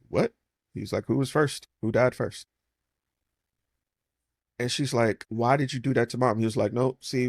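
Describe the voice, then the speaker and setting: A man's voice: medium pitch, gravelly, no echo, clean studio sound. A man casually retelling a film's plot and acting out the characters' lines. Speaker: movie recap host. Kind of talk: casual film breakdown.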